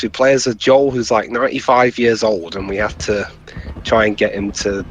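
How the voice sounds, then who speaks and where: A man with a fairly low voice joking and pitching silly ideas during a game session. He stammers as he gets going. A faint hiss sits under his voice. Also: flat delivery, moderate pace. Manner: jokey, stammers. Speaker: let's play co-host. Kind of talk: casual gaming chat.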